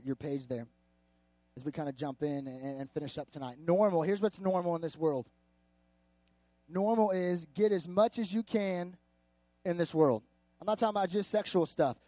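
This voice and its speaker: A man in his thirties, a youth pastor, preaching a casual, energetic sermon and acting out little quotes. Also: on the high side, no room sound.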